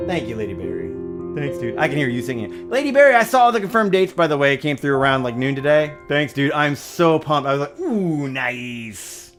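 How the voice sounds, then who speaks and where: A man hosting a livestream, talking casually between piano songs and laughing often. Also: medium pitch. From United States. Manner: upbeat, chatty, laughs often. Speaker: livestream host and pianist. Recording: piano music under the voice. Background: piano music.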